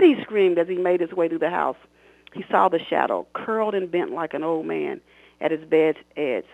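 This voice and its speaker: A man with a slightly high voice joins a radio talk show by phone to read a passage from his novel. He delivers it expressively, yelling the characters' dialogue, and afterward chats about it. The line is tinny and dry, with no room sound.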